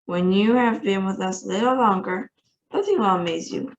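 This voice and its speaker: A woman reading a storybook aloud, voicing an eccentric, excitable male chocolatier in a bouncy, theatrical way. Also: mid-range voice, moderate pace, muffled recording, slight background noise, close to an everyday voice. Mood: excited.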